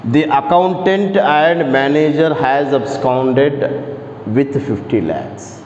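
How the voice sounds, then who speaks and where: Slow Indian English teacher in an echoey room. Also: male voice, medium pitch, a little mellow, a little hiss or hum. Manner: deliberate, repeats key phrases for emphasis. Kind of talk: classroom grammar lecture. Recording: echoey room, muffled lo-fi audio.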